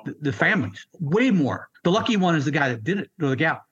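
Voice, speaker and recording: Blunt, halting older man recounting hardship. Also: on the high side, sing-song, fairly bright tone, husky, highs cut off. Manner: blunt, raw and halting, swears freely. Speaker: military veteran interviewee. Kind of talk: candid personal storytelling.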